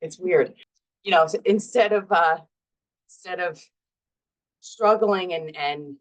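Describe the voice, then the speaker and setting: A woman's voice: sits low, fairly even intonation, a little slow, poor audio. A woman, middle-aged, talking casually to camera as a vlog host, chatty and self-deprecating with frequent laughs.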